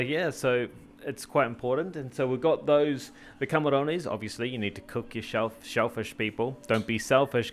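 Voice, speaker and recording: A man hosting a casual travel cooking vlog, talking in a rambling, jokey way with lots of fillers and restarts. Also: mid-range voice. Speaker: travel vlogger and host.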